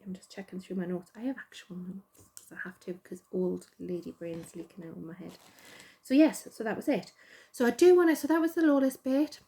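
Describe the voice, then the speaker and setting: A woman's voice: mid-range voice, fairly quick, creaky, mellow. A middle-aged woman with a Geordie accent, chatting casually and rambling as host, self-deprecating and full of fillers. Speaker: podcast host. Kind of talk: casual chat.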